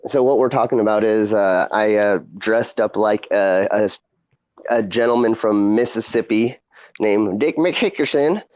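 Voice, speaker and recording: Low-voiced guy rambling and laughing in a chill chat, kinda dull dry sound. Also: a little slow, dry recording. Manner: rambling, laughs often, many fillers. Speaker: podcast host and streamer. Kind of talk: casual chat.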